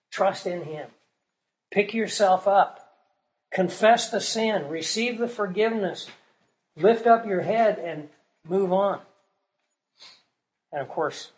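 A man teaching scripture in sermon style, asking the listeners questions and swinging from soft to loud for emphasis. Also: a little high, a little slow, long pauses, poor audio. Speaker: Bible teacher.

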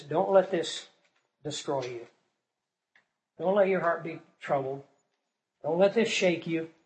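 A man teaching scripture in sermon style, asking the listeners questions and swinging from soft to loud for emphasis. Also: on the high side, low-quality recording. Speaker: Bible teacher.

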